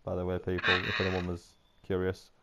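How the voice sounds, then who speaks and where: A man streaming a video game and bantering with a teammate, reacting in a joking, animated way. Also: low voice, a little fast, vocal fry, background noise. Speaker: streamer and gamer. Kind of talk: casual gaming banter.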